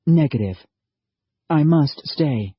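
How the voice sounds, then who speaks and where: A man voicing a blunt artificial young woman soldier who speaks in flat, precise statements. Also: fairly high pitch, slow pace, breathy edge, no room sound, lo-fi sound, voice pushed up, heavily acted. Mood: clipped, flat. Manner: flat, precise, matter-of-fact.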